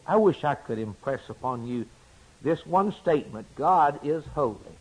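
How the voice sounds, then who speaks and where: A man preaching a sermon, swinging between loud emphatic declarations and hushed, quiet asides. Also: a little high, expressive, normal speed, slightly rough, low-quality recording.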